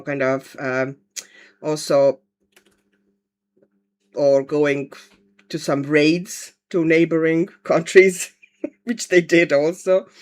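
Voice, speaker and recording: A deep, smooth voice belongs to an Estonian woman who livestreams casually from home, colouring and answering what viewers write.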